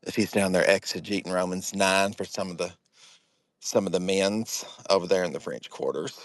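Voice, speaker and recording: A man's voice: low-pitched, steady tone, moderate pace, no room sound, close to an everyday voice. A man voicing a campy gossiping Southern man who keeps calling the listener honey, in a sassy, teasing drawl.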